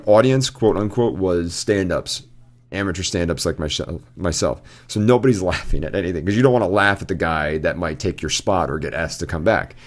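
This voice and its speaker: A man co-hosting a casual podcast, telling a long rambling story with frequent laughs. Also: sits low. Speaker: podcast co-host. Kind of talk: casual chat.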